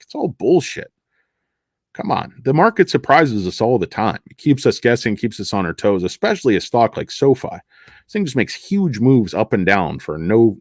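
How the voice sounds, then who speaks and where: A man's voice: mid-range voice, dry recording, studio quality. A man hosting a casual livestream about stocks, rambling and sarcastic as he reads and answers chat. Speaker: livestream host discussing stocks.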